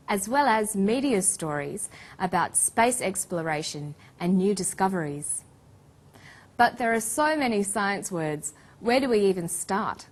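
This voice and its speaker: A woman narrating an English language lesson in a clear, scripted teaching manner. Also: mid-range voice. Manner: slow, clear teaching delivery.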